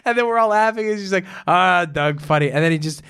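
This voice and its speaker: A man's voice: high voice, racing, fairly bright tone, clean tone. A man chatting as a podcast guest, animatedly telling stories and acting out his friends' lines. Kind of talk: casual storytelling chat.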